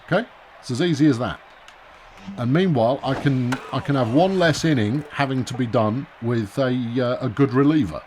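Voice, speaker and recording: In a medium-pitched voice at a moderate pace, a gaming video host gives wry, chatty commentary while playing a baseball video game, often talking to himself. The let's-play recording has a noisy background.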